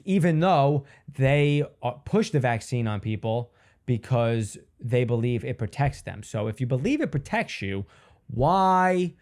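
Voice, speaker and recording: A man's voice: mid-range voice, a little mellow. A male comedian rambling through a solo podcast monologue. His delivery is loose and profane, and he swears freely as he rants.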